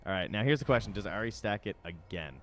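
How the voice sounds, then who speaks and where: Lively analytical male esports caster. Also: lowish voice, quick pace, background noise. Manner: analytical, chatty, excitable. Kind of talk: live game commentary.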